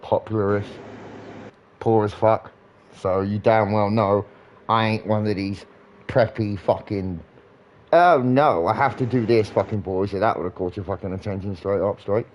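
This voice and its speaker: A man's voice: lowish voice, flat delivery, normal speed, a little mellow, slight background noise, low-quality recording. A British man in his thirties rambling earnestly in a casual live-stream chat, swearing often. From Britain.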